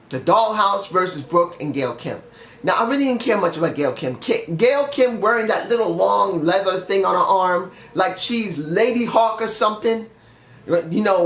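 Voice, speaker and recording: A man's voice: high-pitched, fairly bright tone, roomy sound. Blunt ranting young man, slightly sick. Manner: ranting, blunt, mild swearing. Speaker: wrestling show reviewer. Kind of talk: opinionated solo review.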